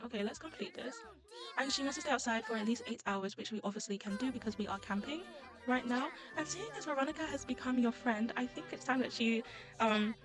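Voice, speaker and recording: A young woman talks through a life-sim game in a loose, rambling commentary. Her voice sits a little high, and she keeps breaking into giggles and bursts of excited squealing. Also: poor audio. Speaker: gaming YouTuber. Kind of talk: casual let's-play commentary.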